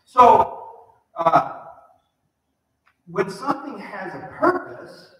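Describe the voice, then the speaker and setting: A man's voice: high-pitched, big pitch swings, very slow. A man preaching a sermon in a conversational way, often asking the congregation questions. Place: church sanctuary. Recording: distant mic in an echoey hall.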